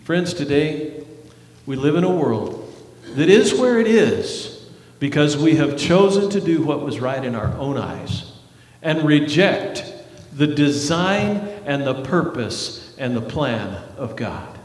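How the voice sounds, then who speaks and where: A male pastor preaching a sermon at a slow, deliberate pace, his voice a touch higher than most men's. He builds earnestly to emphatic peaks and sinks into hushed lines. The sound rings with the long reverb of a church hall. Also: very animated. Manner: earnest preaching with rising emphasis and dramatic drops. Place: church sanctuary.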